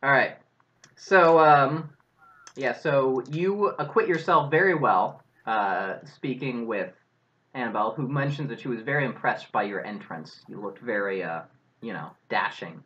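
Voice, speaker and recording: A man's voice: mid-range voice, measured pace, pushed and bright. A man running a tabletop role-playing game as game master, laid-back and chuckling. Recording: muffled lo-fi recording.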